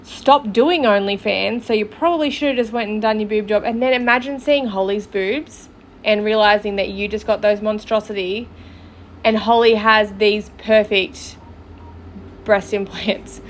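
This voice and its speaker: A woman's voice: mid-range voice, normal speed, a little hiss or hum. A woman hosting a podcast, giving blunt, sarcastic commentary and mocking the people she talks about. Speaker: podcast host. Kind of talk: casual commentary.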